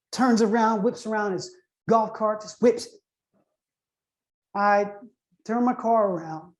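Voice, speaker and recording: A man's voice: high-pitched, takes it slowly, long pauses. A man in his thirties telling a personal story to an online audience in a conversational way, building suspense with questions to his listeners.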